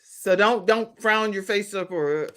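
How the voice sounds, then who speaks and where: A woman hosting a talk show, lively and playful, laughing often as she talks with her guest. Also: mid-range voice, unhurried.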